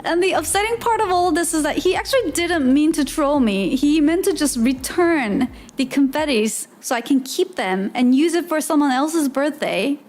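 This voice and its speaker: A woman streamer telling a story casually, animated and giggly, acting out the people in it. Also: high-pitched, moderate pace, hardly any pauses.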